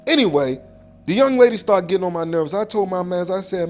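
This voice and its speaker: A comic storyteller spins a slangy tale at a mid pitch, voicing each person who turns up. Faint music sits under the telling. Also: animated, brisk. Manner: slangy, acts out every voice in the story. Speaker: comedian.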